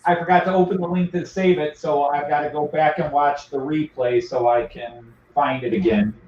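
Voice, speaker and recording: A man's voice: a little high, fairly even intonation, moderate pace, a little mellow. A man from Ohio chatting in a matter-of-fact way on an online group call. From Ohio, USA. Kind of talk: casual group video chat. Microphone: computer mic on a video call. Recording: echoey, dull, far from the mic.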